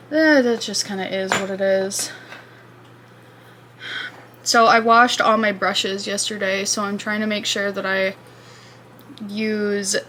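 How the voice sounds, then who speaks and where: A woman's voice: medium pitch, fairly bright tone, a little hiss or hum. A woman in her twenties chatting casually as she does her makeup at home, rambling and restarting her sentences. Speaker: beauty vlogger. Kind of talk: casual get-ready-with-me chat. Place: apartment room, indoors.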